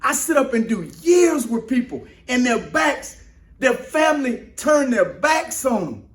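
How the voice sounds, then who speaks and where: A man preaching with a high-placed voice and heavy emphasis, repeating lines to drive them home. He swings from near-shouts to hushed, slowed-down asides. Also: sing-song, roomy sound. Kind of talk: sermon-style motivational talk.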